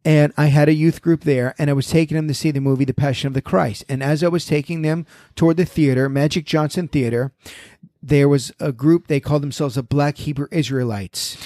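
A man's voice: on the high side, dry recording. A man who is a pastor telling personal stories in a conversational panel discussion, acting out both sides of the exchanges he recounts. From United States. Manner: storytelling, animated, quoting exchanges.

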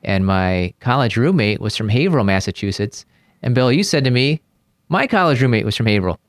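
A man's voice: medium pitch, lively intonation, fairly quick, dry recording, clean studio sound. A middle-aged man hosting a podcast, upbeat and friendly in his banter with guests. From Maryland. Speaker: host.

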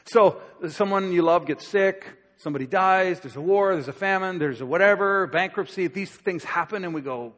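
A man preaches in a loose, conversational way, slipping into little acted-out voices as he tells the story. His voice sits a touch high for a man. The sound carries a long reverb, as if filling a big church hall. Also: normal speed, few pauses, fairly bright tone. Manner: conversational, acts out quoted voices. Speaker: pastor. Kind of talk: sermon.

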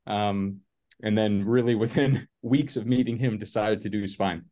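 Young male guest, low warm voice, dry and measured. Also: fairly even intonation. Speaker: guest, neurosurgery resident. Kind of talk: relaxed podcast chat.

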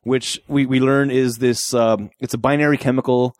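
A man's voice: medium pitch, moderate pace, no echo, studio quality. A man co-hosting a casual movie review podcast, often acting out lines from the film. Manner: animated, acts out movie lines in raised voices. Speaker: podcast co-host.

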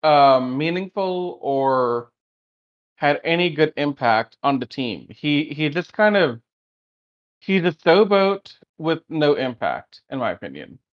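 Male podcast co-host, opinionated, slightly high voice, muffled lo-fi audio. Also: big pitch swings, takes it slowly, clean tone. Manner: opinionated, blunt. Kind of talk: casual review chat.

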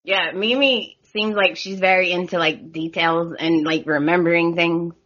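A woman with a heavy Southern American drawl guests on a podcast, chatty and giggly, with a bright, forward voice. The audio is dull and lo-fi. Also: lowish voice, steady tone, moderate pace. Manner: giggly, chatty, lots of "like" and "y'all". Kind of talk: casual podcast chat.

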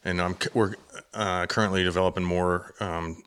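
A man's voice: deep voice, normal speed, clear, resonant tone. A man, a podcast guest, chatting casually and getting worked up as he tells a hunting story. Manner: lively storyteller, gets worked up telling a hunt. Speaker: guest, hunter and drinkware entrepreneur.

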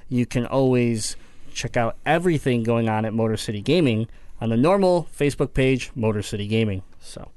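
A male podcast host with a smooth, resonant voice, chatting casually about games. He rambles comfortably, full of fillers and restarts. The recording is dry and close, with no room sound. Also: medium pitch, fairly quick, dry recording. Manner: relaxed, rambling, with many fillers.

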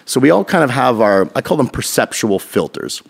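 A man from Canada, a guest on a podcast, talking in a casual, energetic way and swearing freely as he tells stories. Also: medium pitch, fairly quick, gravelly, breathy edge. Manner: energetic, profane, storytelling. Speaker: podcast guest, fitness coach.

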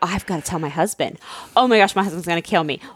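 Chatting casually with her husband, a woman with a fairly low, husky voice talks fast as she tells a story. She's animated, performs the quoted voices, and fills her speech with "like."

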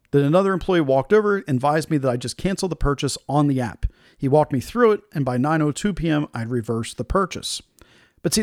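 A middle-aged man with a slightly higher voice hosts his own talk show, recounting a bad customer-service run-in. He tells it animatedly, with plenty of exasperation. The recording is close and dry, with almost no room sound. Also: no room sound. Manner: animated, frustrated storytelling with acted-out quotes. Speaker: podcast host. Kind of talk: solo storytelling commentary.

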